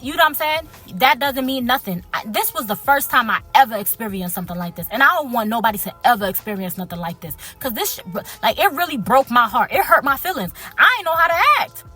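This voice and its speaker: Bright-voiced woman, halting and hurt. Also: high-pitched. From Liberia. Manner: earnest and hurt, halting with many restarts; speaks straight to viewers as "y'all". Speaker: healthcare worker telling her story. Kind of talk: casual storytime vlog.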